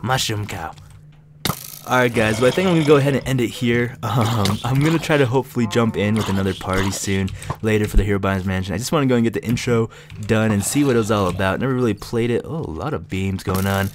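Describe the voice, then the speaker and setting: A man's voice: mid-range voice, a little fast, background noise. A man giving playful let's play commentary, giggling and chatting to the characters on screen. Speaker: gaming channel host.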